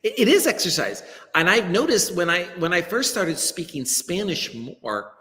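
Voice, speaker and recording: American male ESL teacher, animated, on a reverberant webcam call. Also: sits high, normal speed. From United States. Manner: encouraging, explanatory, acts out quoted remarks. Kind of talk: live-stream interview. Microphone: laptop webcam on a video call.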